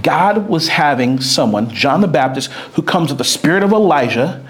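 Male preacher, lively sermon delivery, voice on the higher side. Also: moderate pace, husky. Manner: animated, swings between reading scripture and excited storytelling. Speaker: pastor.

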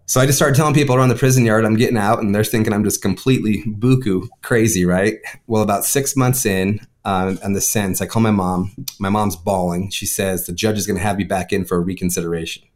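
A man, a father, telling his personal testimony in conversation, talking quickly and often checking in with "right?". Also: fairly low pitch, fairly even intonation. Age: adult with a son. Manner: fast storytelling, frequent "right?" tags. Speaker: guest.

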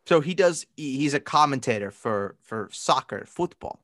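A man co-hosting a casual sports podcast, chatting and breaking into loud commentator and accent impressions. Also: medium pitch, animated, normal speed, dry recording, clean studio sound. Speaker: podcast co-host.

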